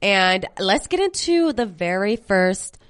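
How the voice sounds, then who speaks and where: A woman's voice: mid-range voice, very animated, takes it slowly, no echo, studio quality. A young woman co-hosting a casual movie podcast, a little congested from a cold, chatty with fillers and restarts. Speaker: podcast co-host.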